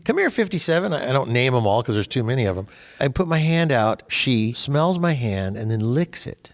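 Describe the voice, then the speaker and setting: An older man, the host, chatting casually and telling animated stories that grow louder and higher as he gets going. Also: normal speed. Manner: animated storyteller, voice rising as he tells stories. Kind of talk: casual chat.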